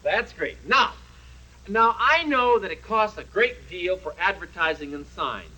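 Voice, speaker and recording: A man's voice: sits high, expressive, unhurried, bright, forceful tone, heavily acted, rough recording. A man voicing a boastful, good-natured male dragon who keeps running for office, talking in pompous rambling patter for a TV puppet show. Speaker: puppet character. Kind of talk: 1970s TV puppet comedy.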